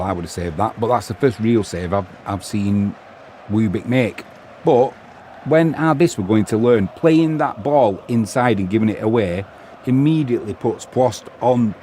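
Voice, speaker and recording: On the low side and warm, a man's voice carries live solo football commentary over a little hiss or hum. He reads viewer chat and mixes play-by-play with chatty opinions and responses to viewers.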